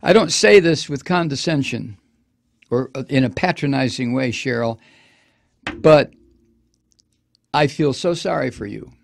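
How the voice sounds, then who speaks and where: A man's voice: medium pitch, expressive, a little slow, vocal fry, pauses often. A man hosting a political talk radio show, delivering an impassioned, profane and sarcastic monologue.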